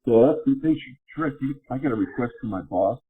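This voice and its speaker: A man talking as a podcast guest, speaking casually in halting sentences with frequent restarts. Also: mid-range voice, animated, slightly rough. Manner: halting, with many restarts and fillers. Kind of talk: casual conversation. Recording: phone-line call audio.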